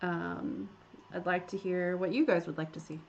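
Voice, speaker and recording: A woman's voice: lowish voice, steady tone, normal speed, creaky, muffled recording, a little hiss or hum. A woman, a game developer, chatting casually and a little hesitantly while playing her game. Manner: chatty, hesitant, self-deprecating.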